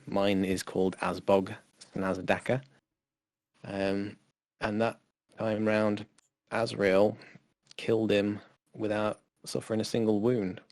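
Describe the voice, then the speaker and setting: A man co-hosting a podcast, chatting in a relaxed, rambling way with frequent fillers. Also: lowish voice, no room sound. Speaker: podcast co-host. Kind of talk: casual chat.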